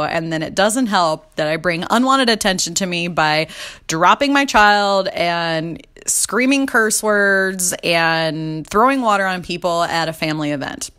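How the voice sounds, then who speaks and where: A woman's voice: fairly low pitch, moderate pace, fairly bright tone. A young woman in her twenties telling funny mom-fail stories in a casual confessional chat, laughing often and swearing freely. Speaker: mom vlogger.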